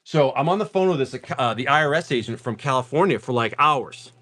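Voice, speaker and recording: A man's voice: mid-range voice, lively intonation, fairly quick, a bit bright. Chatty guy on a card-selling stream, voice bouncing all over, says dude a lot. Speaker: livestream card seller. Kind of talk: casual storytelling while opening card packs.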